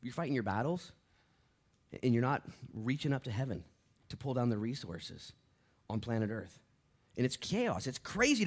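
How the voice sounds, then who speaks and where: Male pastor, middle-aged, lively sermon delivery, sudden loud peaks and soft murmurs, medium pitch. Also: normal speed. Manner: animated, swings from shouting to hushed asides.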